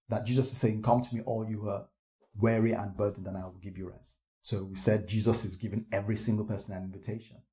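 A man leading a Bible study, speaking earnestly and asking questions, his voice often dropping soft at the ends of phrases. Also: medium pitch. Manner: earnest, questioning, trails off softly at ends of verses.

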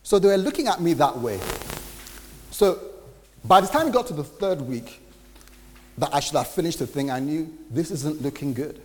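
A man preaching a testimony, telling a story in an animated way and acting out the voices in it. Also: on the high side, normal speed, long pauses, big-room sound, a little hiss or hum. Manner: animated, acts out quoted dialogue. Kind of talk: sermon storytelling.

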